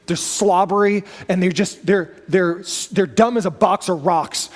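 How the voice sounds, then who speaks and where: High-voiced pastor in a reverberant church. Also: male voice, unhurried. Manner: conversational storytelling with self-corrections and asides. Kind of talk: sermon. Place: church sanctuary. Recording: long reverb of a church hall.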